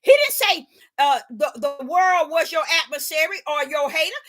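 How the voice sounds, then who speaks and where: High, bright-voiced woman preaching. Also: sing-song, moderate pace. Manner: emphatic, rhetorical, with folksy dialect; repeats phrases for emphasis. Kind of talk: informal preaching to camera.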